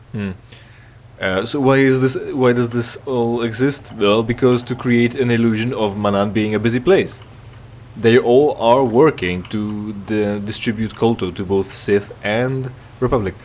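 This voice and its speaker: A man's voice: lowish voice, moderate pace, a little hiss or hum. A man giving casual, joking commentary while playing a game, rambling with stammered restarts. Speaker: let's play gamer.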